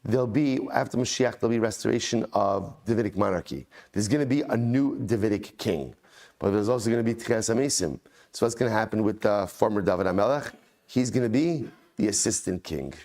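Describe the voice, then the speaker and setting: A man's voice: on the low side, a little fast, darkish tone. Enthusiastic male rabbi teaching Talmud. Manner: enthusiastic, repeats phrases for emphasis; chants text then translates conversationally. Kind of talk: daily Talmud class.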